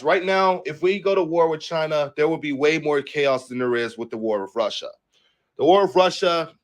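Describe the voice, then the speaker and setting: A young man hosting a political livestream, casually cursing and rambling as he reads headlines aloud and riffs on them. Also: fairly high pitch. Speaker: livestream host.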